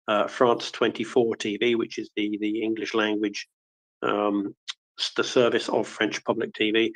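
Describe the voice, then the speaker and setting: A man's voice: fairly low pitch, a bit bright, rough recording. A man taking part in a casual online audio room, speaking in a matter-of-fact way. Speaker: participant.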